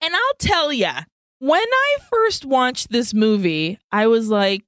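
A woman's voice: a little high, takes it slowly, no echo. Casual woman recapping a film, dry sound. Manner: profane, animated retelling with Spanish phrases mixed in. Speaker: podcast co-host. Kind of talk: casual movie recap chat.

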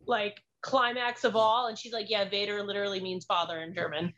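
A woman's voice: mid-range voice, flat delivery, fairly quick, fairly bright tone, highs cut off. A woman co-hosting a casual podcast chat, rambling and often cutting herself off mid-story. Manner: rambling, self-interrupting storyteller. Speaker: podcast co-host.

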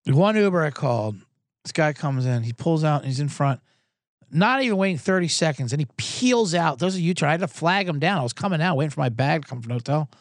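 Male podcast host, high lively voice, sarcastic profane rants, dry close sound. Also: quick pace, no room sound. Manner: sarcastic, profane, storytelling with acted-out quotes. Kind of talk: comedic rant.

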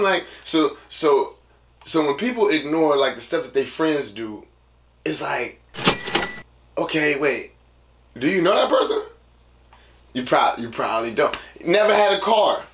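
A man's voice: fairly high pitch, fairly bright tone, roomy sound, a little hiss or hum. A man hosting a casual solo podcast, rambling through a story in loose slang and acting out voices. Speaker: podcast host.

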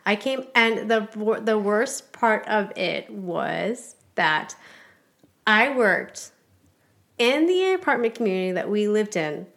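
A woman's voice: mid-range voice, animated, slow, gravelly, a bit bright. Blunt, frank woman podcast guest. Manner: blunt, frank, swears freely. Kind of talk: candid podcast interview.

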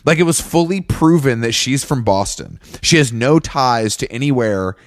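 A man co-hosting a podcast, chatting casually in an animated, gossipy way and laughing often. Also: medium pitch, normal speed, no room sound. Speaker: podcast co-host. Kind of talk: casual chat. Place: New York.

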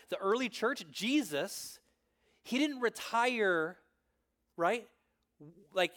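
A pastor delivers a sermon conversationally, sprinkling in "right?" and swinging from loud emphasis to hushed intensity. His voice sits high.

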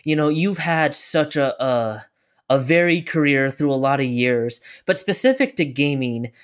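A male interviewer poses a broad question to his guest. His voice sits a little high and he talks slowly, pausing and restarting as he looks for words. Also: clean tone. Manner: halting, searching for words.

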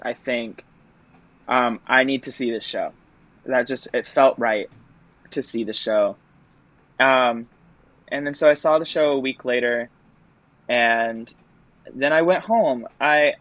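A young man tells an audition story in a relaxed, chatty way. He leans on fillers and laughs at himself as he goes. His voice sits at a middle pitch and is recorded dry and close, with no room sound. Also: no room sound, dull audio. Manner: chatty and self-deprecating, full of fillers and laughs. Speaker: stage actor telling about an audition. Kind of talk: casual interview storytelling.

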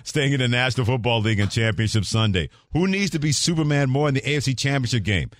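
A man hosting a sports talk radio show, chatty and quick to laugh. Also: mid-range voice, lively intonation, no room sound, studio quality. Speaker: radio host.

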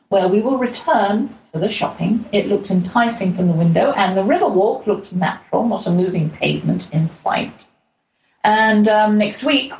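A woman's voice: mid-range voice, vocal fry, darkish tone. A middle-aged woman, originally from England, telling a chatty, lightly humorous travel diary as a show host. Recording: roomy echo with faint ambient noise.

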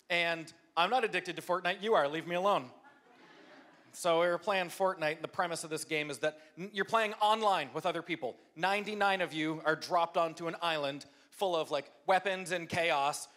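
Pastor guy telling a goofy story, high voice, bright and punchy, pokes fun at himself. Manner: upbeat, self-deprecating, animated impressions. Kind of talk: humorous storytelling sermon. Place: church service before a live audience.

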